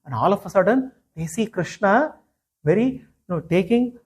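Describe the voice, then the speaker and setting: A man's voice: high-pitched, expressive, moderate pace, husky. A man, a spiritual teacher animatedly retelling a scripture story with many "you know" asides.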